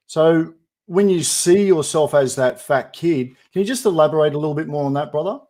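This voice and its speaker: Co-host, man, encouraging prompter, a bit higher voice. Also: a little fast. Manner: warm, encouraging, says "brother". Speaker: podcast co-host. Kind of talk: casual panel chat.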